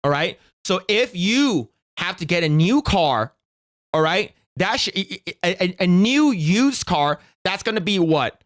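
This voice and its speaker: A man's voice: high-pitched, lively intonation, measured pace, fairly bright tone. A young man streaming, giving casual reaction commentary in a profane, rambling way with many restarts.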